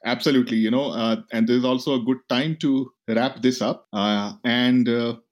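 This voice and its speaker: A man hosting a podcast, speaking haltingly and often repeating words as he wraps up. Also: mid-range voice, fairly even intonation. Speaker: podcast host. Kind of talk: casual interview.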